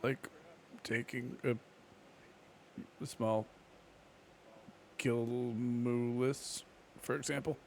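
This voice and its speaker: A man's voice: medium pitch, little pitch movement, very slow, gravelly, pauses often, slight background noise. A man playing a tabletop game, joking around in a playful way. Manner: playful, jokey. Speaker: player.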